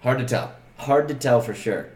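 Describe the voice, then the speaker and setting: A man's voice: medium pitch, moderate pace, darkish tone, echoey room. A man co-hosting a podcast, chatting casually and recapping scenes, swearing freely. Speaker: podcast co-host. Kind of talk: casual chat.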